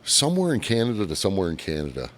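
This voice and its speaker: A man with a Michigan accent co-hosts a casual chat from a small home studio. His voice sits low but swings up and down a lot as he jumps from one tangent to the next. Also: racing. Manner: animated storyteller, jumps between tangents. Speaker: podcast co-host.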